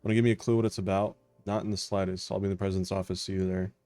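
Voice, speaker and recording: A male streamer reading video game messages and journal entries aloud in a deadpan, flat delivery. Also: low voice, racing, dry recording.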